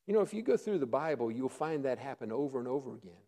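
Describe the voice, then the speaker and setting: A middle-aged male pastor preaching a sermon, earnest, often dropping to a hush for emphasis. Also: medium pitch, sing-song, fast.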